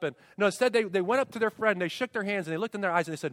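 A man's voice: high voice, racing, fairly bright tone, no echo, clean studio sound, big-room sound. A man preaching a sermon as pastor, emphatic, with rhetorical questions and repeated refrains.

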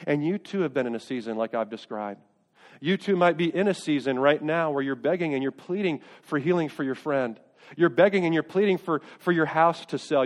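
A middle-aged man preaches in a somewhat high voice, earnest and insistent, circling back on his own phrases as he builds toward pleading. His words ring out with a long reverb through a church sanctuary. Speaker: pastor. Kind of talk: sermon.

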